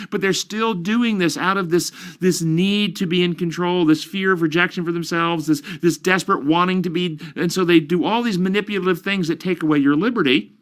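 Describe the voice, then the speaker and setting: Earnest guy explaining stuff in an interview, kinda high voice, asks questions as he goes. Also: fairly bright tone. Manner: earnest, teaching with examples and questions. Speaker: counselor guest.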